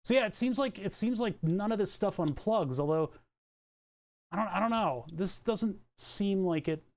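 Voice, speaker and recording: A man's voice: sits high, expressive, normal speed, darkish tone. A young man thinking aloud and swearing casually while he streams a car electronics repair. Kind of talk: casual live-stream commentary.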